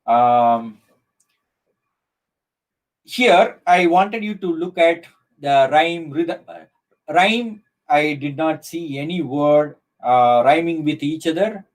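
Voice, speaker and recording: A middle-aged male professor with an Indian English accent lectures live online in a slightly high voice. He talks slowly and deliberately, and often pauses on fillers and restarts his phrases. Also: expressive, low-quality recording.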